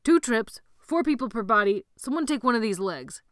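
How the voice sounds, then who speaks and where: A woman's voice: on the low side, unhurried, no echo, studio quality. Woman voicing a bossy, barking teen leader. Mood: commanding. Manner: barking orders. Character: bossy teenage boy leader, out of breath.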